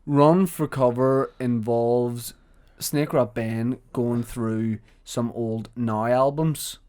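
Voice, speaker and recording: A man's voice: mid-range voice, steady tone, takes it slowly, darkish tone. A comedian hosting a loose podcast in casual chat. His voice sits mid-range for a man, and he keeps it light and jokey, plugging shows and setting up bits.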